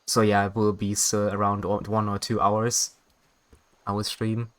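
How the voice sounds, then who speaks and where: Reading game dialogue aloud during a casual stream, a native German speaker chats with his audience, often laughing and catching his own mistakes. He speaks a little slowly, in a monotone with a fairly low pitch and a fairly bright tone.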